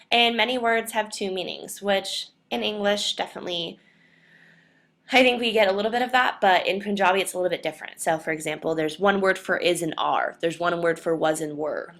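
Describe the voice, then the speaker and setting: A woman's voice: fairly low pitch, creaky, fairly bright tone. A young woman presenting to a class, explaining points in an earnest way and leaning on the word "definitely". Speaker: student presenter.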